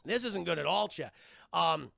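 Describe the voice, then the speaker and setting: A man's voice: on the high side, lively intonation, moderate pace, vocal fry, sharp tone, no room sound, clean studio sound. A man live-streaming a film recap, rambling with lots of swearing and often talking to his chat. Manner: profane, rambling, addresses chat.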